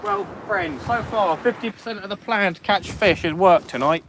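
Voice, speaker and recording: A man's voice: high voice, normal speed, fairly bright tone, slight background noise. A man chatting casually on a fishing livestream outdoors on a beach at night, reading out viewer comments as he goes.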